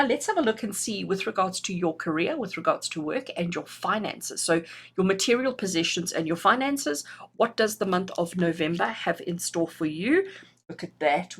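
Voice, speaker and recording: A woman's voice: fairly low pitch, fairly bright tone, husky. A woman giving an enthusiastic tarot reading to camera, often checking in with her viewers with "okay?" and "all right?". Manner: acts out little quoted voices. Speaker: tarot reader.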